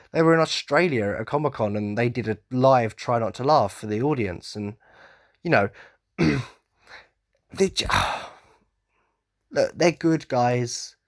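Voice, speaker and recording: A man's voice: medium pitch, no room sound, clean studio sound. A man hosting a casual solo podcast rant, rambling and going off on tangents, enthusiastic and self-mocking. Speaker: podcast host.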